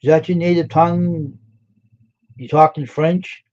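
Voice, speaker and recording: A man's voice: on the high side, steady tone, unhurried, darkish tone. Chatty man hosting a lo-fi live stream. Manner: chatty, greets and quizzes chat viewers by name. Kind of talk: casual live stream chat with viewers. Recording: dull lo-fi sound.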